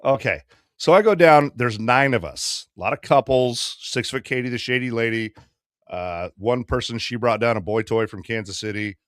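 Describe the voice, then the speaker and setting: A man's voice: mid-range voice, moderate pace, a bit bright, no room sound, studio quality. A man in his fifties telling a long, profane story in casual podcast chat, slipping into the voices of the people he quotes. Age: 50s. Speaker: podcast host.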